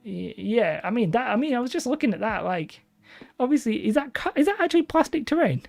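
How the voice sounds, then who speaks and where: A woman's voice: a little high, very animated, a little fast, gravelly, a little mellow. A woman hosting a live stream, chatting casually and rambling as she reads out viewers' comments. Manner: rambling, chatty, self-deprecating.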